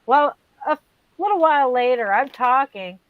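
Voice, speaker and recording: A woman's voice: high voice, moderate pace, narrow, tinny audio, a little hiss or hum. A woman co-hosting a casual chat, telling a funny story with lots of swearing and acted-out voices. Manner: animated storyteller, swears freely, acts out voices. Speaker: co-host.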